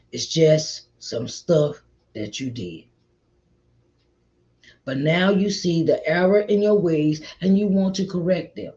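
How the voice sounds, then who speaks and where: A middle-aged woman hosting an inspirational faith talk, repeating her points warmly and calling listeners child and honey. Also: low-pitched. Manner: repetitive, encouraging, calls listeners child and honey. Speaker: host. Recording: slightly dull lo-fi audio.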